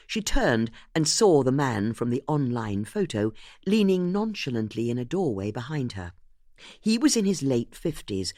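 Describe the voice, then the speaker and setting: Expressive audiobook narrator, close and dry. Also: mid-range voice, no echo.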